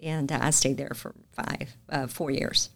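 In a very deep, steady voice with vocal fry, this middle-aged Southern woman talks a little slowly. Hailing from Macon, Georgia, she's a news anchor sharing her career story in a relaxed interview and performing the quotes she recalls.

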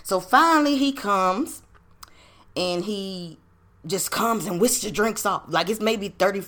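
A woman's voice: medium pitch, lively intonation, a little slow, fairly bright tone. A woman hosting a podcast, telling a personal story in casual, slangy, profane talk full of rhetorical questions. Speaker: podcast host.

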